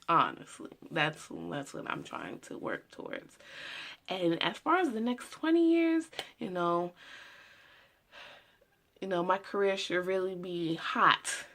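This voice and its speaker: Woman, 20s, low gravelly voice, loose casual monologue full of fillers. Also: big pitch swings, slow, pauses often, fairly bright tone. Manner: rambling, heavy on "you know" fillers. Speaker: student making a personal video.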